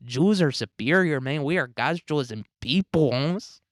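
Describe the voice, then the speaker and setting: Man doing a mock Mexican accent, swaggering tough woman politician, drawling, raised pitch, dry sound. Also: expressive, a little slow, dry recording. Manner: drawling, laughing through it.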